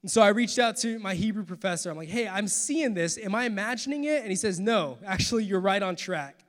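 A man preaching a sermon as pastor, earnest, moving between soft, quiet passages and forceful, loud ones. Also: high voice, lively intonation, fairly quick. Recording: long hall reverb.

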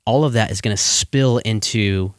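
A man speaking as a guest in a casual chat, earnest and relaxed, with many "you know" fillers. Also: on the low side, moderate pace, no echo, clean studio sound.

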